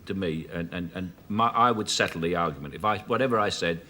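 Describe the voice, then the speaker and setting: A man in his fifties with a Cockney London accent, a chat show guest telling anecdotes with halting restarts and frequent chuckles. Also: sits low, bright, forceful tone. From South London, England. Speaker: actor guest. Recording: 1980s television studio broadcast.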